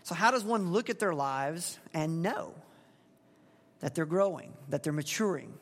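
A man's voice: on the high side, animated, a little slow. A male pastor giving a conversational expository sermon, asking the congregation questions. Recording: long hall reverb.

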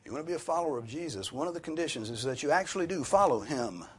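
A pastor delivers a sermon in a husky voice. His delivery is earnest, with lively rises and falls in pitch as he lifts his voice sharply to stress each point. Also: rapid-fire. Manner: earnest preaching, rising emphatically on key points.

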